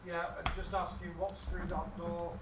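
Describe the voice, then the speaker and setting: A man at a tabletop game, casually proposing plans to the group. His voice sits high for a man. He is heard from afar in an echoey room with clear background noise. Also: little pitch movement, a little slow, recorded from a distance. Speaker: player.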